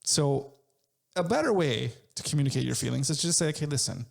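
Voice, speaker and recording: A man's voice: mid-range voice, expressive, a little fast, vocal fry. A middle-aged man chatting casually as co-host with his wife, blunt and joking, swearing freely. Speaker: co-host, husband. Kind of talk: casual conversation.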